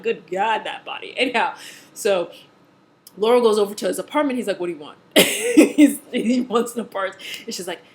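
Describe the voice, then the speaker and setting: A woman's voice: medium pitch, a little hiss or hum. A woman talking casually at home as she recaps a TV episode, gossipy and full of laughs and fillers, acting out the characters' lines as she goes. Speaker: TV episode reviewer. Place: home room with a cat.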